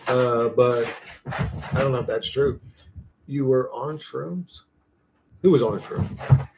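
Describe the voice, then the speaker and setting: A man's voice: slow pace, creaky, noisy background. A young man hosting a casual livestream, rambling, swearing freely, and answering his viewers' chat. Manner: rambling, profane, talks to his dog in a high playful voice. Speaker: livestream host.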